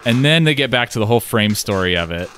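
A man's voice: medium pitch, fast talker, slight background noise. A man chatting casually as a co-host, rambling with fillers, swearing and laughing as he critiques. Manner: rambling, profane, animated with laughs.

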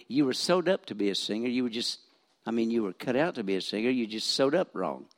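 An older man in his seventies, a retired pastor from Missouri, preaches from the pulpit in a somewhat low voice. He tells homespun stories with self-deprecating jokes, often stumbling and restarting his sentences. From Missouri, USA. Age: 70s. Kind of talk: folksy storytelling sermon. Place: church.

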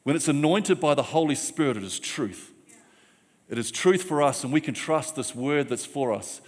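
A man's voice: a little high, expressive, moderate pace. A man preaching a sermon, rousing the congregation with repeated call-and-response phrases. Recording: long church hall reverb.

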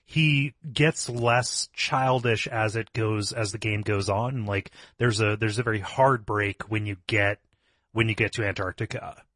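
A man's voice: on the low side, steady tone, unhurried, a bit bright, no room sound, clean studio sound. A man co-hosting a podcast, analysing a video game's story in casual talk, often repeating words as he thinks. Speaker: podcast co-host. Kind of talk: casual video game discussion.

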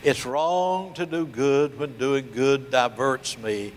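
An older man preaching a sermon, telling a story and acting out the voices, slowing down to stress key points. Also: medium pitch, long reverb tail. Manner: storytelling preacher, acts out dialogue, slows for emphasis. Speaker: pastor.

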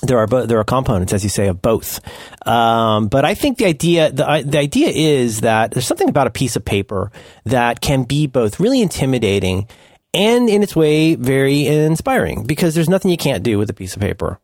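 Playful podcast man with a lively voice. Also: medium pitch, fairly quick, no room sound, clean studio sound. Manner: playful, riffing, jumps into silly voices. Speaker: podcast co-host. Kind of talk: casual chat.

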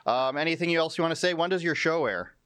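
A male talk show host with a smooth, clear voice and a dry, close sound. He jokes easily and keeps things relaxed as he wraps up with his guests. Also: on the high side, fast, dry recording. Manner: joking, relaxed. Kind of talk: casual talk show chat.

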